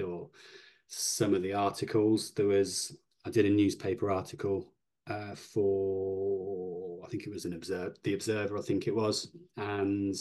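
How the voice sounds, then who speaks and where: A man's voice: low voice, darkish tone. A man in a casual podcast conversation, speaking reflectively and restarting sentences hesitantly.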